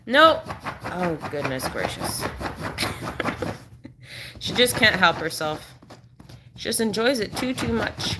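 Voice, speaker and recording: A woman's voice: medium pitch, animated, slow, long pauses, background noise. A woman chatting casually on a live stream at home, coaxing her dog in a sing-song voice between remarks. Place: indoor room at home.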